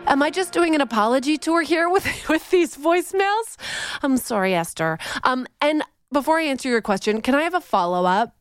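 A Canadian-born woman hosting a podcast, talking in an animated, playful, theatrical way. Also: high-pitched, a little fast, no echo. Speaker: podcast host. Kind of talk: casual podcast chat.

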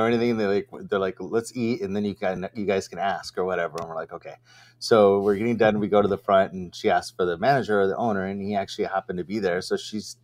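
A man co-hosting a business livestream, telling stories casually with lots of fillers and acted-out quotes. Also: sits low. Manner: animated storyteller, acts out quoted voices, many fillers. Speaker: co-host of a vending business livestream. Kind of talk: casual storytelling chat.

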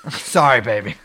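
A man's voice: medium pitch, pushed and bright. A man co-hosting a podcast, talking in a profane, sardonic, rambling way with lots of fillers. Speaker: podcast co-host. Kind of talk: casual chat.

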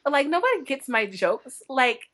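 A young woman from North Dakota, a book blogger guest telling animated stories in casual interview chat, laughing often. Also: sits high, moderate pace.

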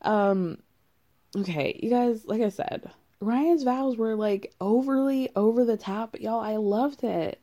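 A woman's voice: a little high, a little slow, warm tone. A woman casually recapping a reality show, candid and rambling, with frequent laughs.

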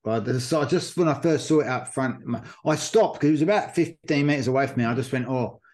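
Brief: podcast host, rambling, casual storyteller, average pitch. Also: male voice, fast talker, a little mellow. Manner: rambling storyteller with many fillers. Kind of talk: casual chat.

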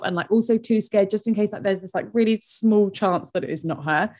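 A woman's voice: medium pitch, fairly quick, few pauses. A woman co-hosting a book podcast, gushing and laughing in casual chat. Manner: excitable, gushing, laughs often. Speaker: podcast co-host.

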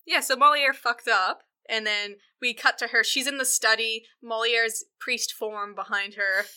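A woman's voice: fairly high pitch, steady tone, unhurried, bright, forceful tone, smooth. A woman co-hosting a podcast, casually recapping a movie in a chatty, filler-heavy way and swearing freely. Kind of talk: casual film recap chat.

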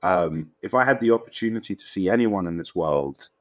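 A man in his thirties with a London accent, telling lively anecdotes as a guest on an interview podcast, acting out what others said. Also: fairly quick, no echo. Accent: London English. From England. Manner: animated storyteller, acts out quotes with jumps in pitch. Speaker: guest actor.

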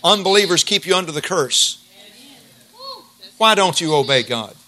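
Bright, forceful male preacher. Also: on the high side, expressive. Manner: emphatic, drawn-out scripture reading and call-and-response prompts. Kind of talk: sermon.

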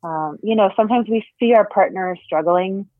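A woman in her thirties, a guest expert, calmly explaining and acting out example phrases in casual conversation. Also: medium pitch, normal speed, dry recording. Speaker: podcast guest, perinatal mental health specialist. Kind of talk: casual interview chat. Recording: phone-line audio, dry.

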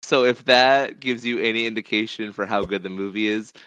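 A man with a smooth, resonant, lowish voice chats casually about movies on a podcast. He hesitates often, with plenty of ums, and laughs easily. The sound is dry and close, with no room echo. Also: fairly quick, a bit bright. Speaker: podcast co-host. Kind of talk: casual chat, movie review.

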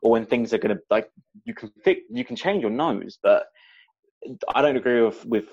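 A young man from England in casual chat, halting and searching for words. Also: medium pitch, very animated, gravelly, a little mellow, highs cut off.

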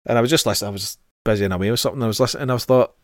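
A man's voice: mid-range voice, very fast, no echo, clean studio sound. A Scottish man co-hosting a podcast in casual chat, rambling through his thoughts with restarts and casual swearing. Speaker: podcast co-host.

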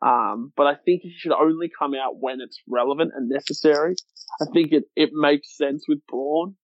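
A man's voice: a little high, moderate pace, lo-fi sound. A man co-hosting a podcast, chatting casually and with enthusiasm, swearing now and then. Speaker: podcast co-host. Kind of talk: casual wrestling chat.

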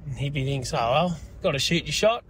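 A man's voice: a little high, expressive, a little fast, a bit bright, slight background noise. An Australian man calling in and telling a crude, rambling joke as a voice message. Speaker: caller.

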